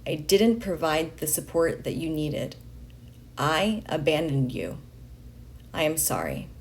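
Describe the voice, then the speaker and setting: Low-voiced woman reading a letter aloud. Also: very animated, slow, slight background noise. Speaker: reader of a letter.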